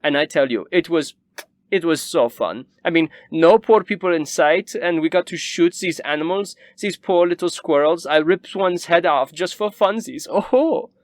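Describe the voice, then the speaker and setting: A man voicing a snobbish, cruel rich nobleman who gushes in a high, giddy voice. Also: normal speed, dry recording, natural voice. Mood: gushing.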